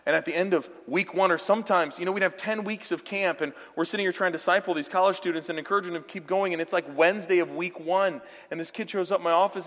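A man's voice: high voice, steady tone, fast, hardly any pauses, fairly bright tone. A male pastor preaching a sermon, speaking with emphatic, direct exhortation in a church sanctuary. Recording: long reverb of a large church hall.

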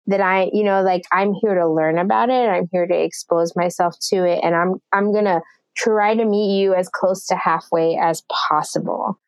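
A woman's voice: fairly low pitch, smooth, dry recording. Young woman podcast guest, easygoing, lots of "like", laughs a lot, super dry mic. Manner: relaxed, says "like" a lot, laughs easily. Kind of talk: casual podcast chat.

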